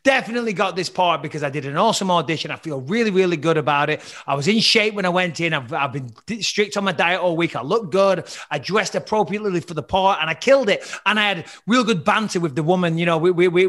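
A man's voice: sits high, quick pace, few pauses. A man, an actor with an English accent carrying a slight American twang, telling self-mocking stories as a guest in a casual interview. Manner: animated self-mocking storyteller. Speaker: actor and podcast host, guest.

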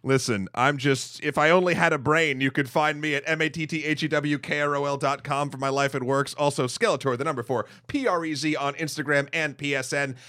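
A man's voice: fairly high pitch, steady tone, brisk, hardly any pauses, sharp tone. A man hosting a film podcast, playful and casual as he wraps up the episode. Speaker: podcast host.

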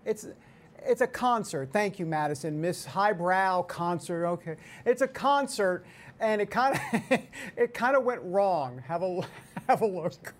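A man's voice: sits high, expressive, a little slow. A man in his forties hosting a casual news chat show, joking, laughing often and wandering into asides. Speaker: show host.

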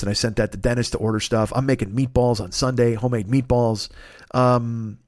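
A man in his fifties hosting a casual solo podcast, rambling and swearing as he tells animated stories. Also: mid-range voice, dry recording, studio quality. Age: 50s. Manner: profane, rambling, animated storytelling. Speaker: podcast host.

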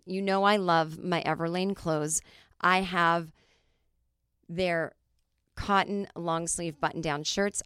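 Chatty woman podcast host, smooth voice. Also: lowish voice, dry recording, clean studio sound. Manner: chatty, animated storytelling with many fillers. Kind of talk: casual comedic monologue.

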